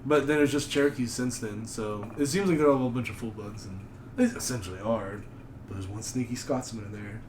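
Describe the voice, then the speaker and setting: A man telling rambling, animated stories on a casual podcast. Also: medium pitch, a little fast. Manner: rambling, animated storytelling with mocking put-on voices. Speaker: podcast host. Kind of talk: casual chat. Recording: echoey room with faint noise.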